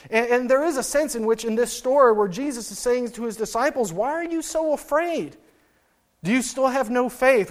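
Earnest high-voiced man preaching. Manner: storytelling, earnest, with many restarts and fillers. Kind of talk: sermon.

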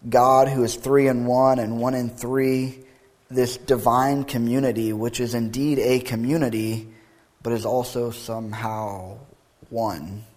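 Pastor, male, mid-pitched voice, preaching earnestly and reading a creed with mounting emphasis. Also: flat delivery, measured pace, a little mellow. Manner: thinking aloud, with repeated words and restarts. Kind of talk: sermon.

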